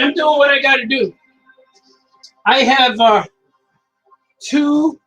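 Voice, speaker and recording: A man's voice: very high-pitched, bright, forceful tone, dry recording, poor audio. A man, a cartoonist, chatting casually on a live stream while he draws, repeating himself as he works.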